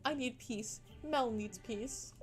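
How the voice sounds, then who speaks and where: Young woman, playful game streamer, higher voice, chatty, soft music behind. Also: takes it slowly. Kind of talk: game stream reading with commentary.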